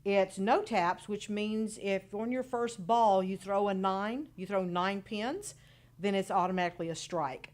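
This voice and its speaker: A woman's voice: mid-range voice, measured pace, a little mellow. A woman guesting on a radio show, laying out event details in a businesslike, matter-of-fact manner. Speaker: guest, local party official. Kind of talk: informative announcement on radio.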